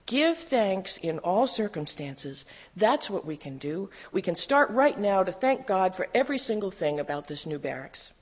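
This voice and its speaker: A reader voicing a devout, earnest grown woman who speaks gently but insistently, from a memoir read aloud. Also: medium pitch, very animated, normal speed, hardly any pauses. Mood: eager. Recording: long hall reverb.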